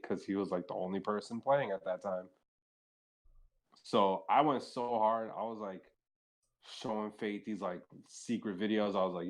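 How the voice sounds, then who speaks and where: Low-voiced man telling rambling stories. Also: steady tone, normal speed. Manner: rambling, profane, heavy use of filler "like". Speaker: podcast guest. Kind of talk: casual storytelling chat.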